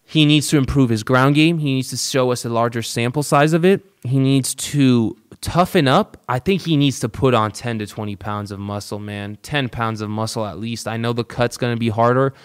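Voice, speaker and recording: A man's voice: medium pitch, moderate pace, few pauses, smooth. A man hosting a casual podcast, bluntly breaking down an upcoming fight with plenty of swearing and 'bro'. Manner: blunt, swearing, calls listeners bro. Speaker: podcast host. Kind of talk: casual fight-prediction talk.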